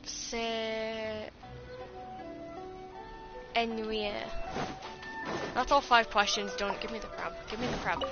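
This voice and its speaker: A British woman whose accent has a Scottish tinge chats casually while streaming a game, swearing freely. Her voice is mid-range, and she talks fast with few pauses. The stream audio is slightly dull, with game music playing.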